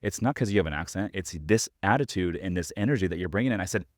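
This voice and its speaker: Man, podcast host, very deep voice, quick pace, rambling and casual. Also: animated, no room sound, studio quality. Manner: rambling anecdote, fillers, casual swearing. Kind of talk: casual interview chat.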